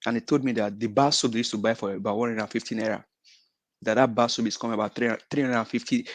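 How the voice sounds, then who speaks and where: A man's voice: medium pitch, no room sound, low-quality recording. A man with a Nigerian accent, a guest on an online panel, exasperated and repeating his points, laughing and dropping into pidgin. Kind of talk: casual live-stream talk.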